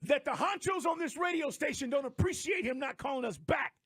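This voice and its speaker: Animated high-voiced male radio host. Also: brisk, no room sound. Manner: animated, emphatic storyteller. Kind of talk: sports talk radio banter. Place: radio studio.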